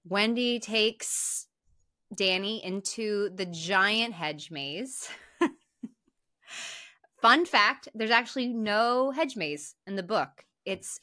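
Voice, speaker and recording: A young woman co-hosting a podcast, recapping a film in casual, animated chat, swearing freely and restarting her sentences. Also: mid-range voice, slow pace, no room sound, clean studio sound. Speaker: podcast co-host.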